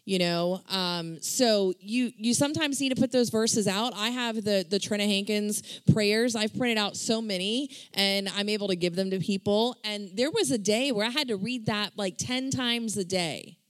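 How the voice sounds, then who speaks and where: A woman taking her turn in a church group talk, earnest and encouraging at a middle pitch. Her voice is close and dry, with no room sound around it. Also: moderate pace, few pauses, no echo. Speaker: church member in discussion. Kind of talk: casual faith discussion.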